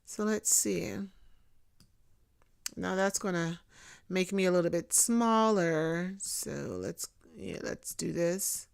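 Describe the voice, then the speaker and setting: A woman's voice: fairly low pitch, slow, creaky, smooth. A woman hosting a casual livestream from a home setup, chatting straight to her viewers in a self-deprecating, informal way. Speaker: livestream host. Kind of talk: casual live commentary.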